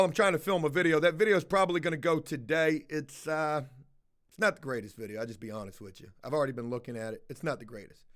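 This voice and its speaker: A middle-aged man telling a rambling, profanity-laced story to his livestream viewers, stopping often to answer their comments. His voice sits high for a man. His delivery is loose and conversational. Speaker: house-flipping livestreamer. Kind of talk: casual livestream chat.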